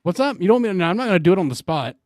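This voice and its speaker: A young man co-hosting a radio show, answering in a measured, dry way and laughing easily. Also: high voice, very animated, dry recording. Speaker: radio co-host. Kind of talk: casual radio chat.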